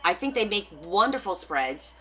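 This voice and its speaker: A woman's voice: mid-range voice, very animated, normal speed, bright, forceful tone. A woman hosting a live crafting stream, chatting casually and rambling as she answers viewers' comments.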